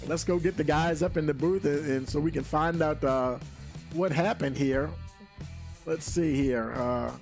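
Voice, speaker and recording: A man with a fairly high voice calls a live sim race. He talks loosely, with lots of fillers, and gets excitable as the action builds. Faint music plays behind him. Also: a little slow. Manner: excitable, rising sharply at big moments; loose, many filler words. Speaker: race commentator. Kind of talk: live sim racing commentary.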